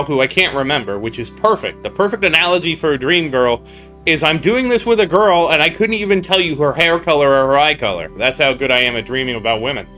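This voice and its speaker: A man streaming a game and telling a long rambling story, stopping now and then to answer his chat. His voice is bright and sits a little high for a man. Soft music plays behind him. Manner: rambling storytelling, chatting with viewers mid-story. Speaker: gaming streamer. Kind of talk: casual live-stream chat.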